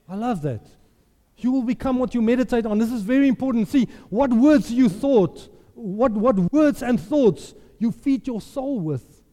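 A pastor preaches an emphatic, impassioned sermon in a very high-pitched voice with a dark tone, repeating phrases for effect. Long hall reverb fills the recording.

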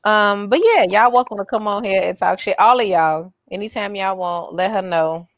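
A woman's voice: medium pitch, normal speed, no echo. A woman co-hosting a podcast in casual chat, swearing, teasing and laughing often. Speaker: podcast co-host.

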